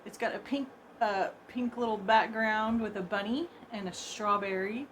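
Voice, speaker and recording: A woman chatting casually to her viewers from a room at home as she unboxes a gift, excitable and gushing, laughing often and repeating herself. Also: mid-range voice, normal speed, a little hiss or hum. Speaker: vlogger opening a gift box.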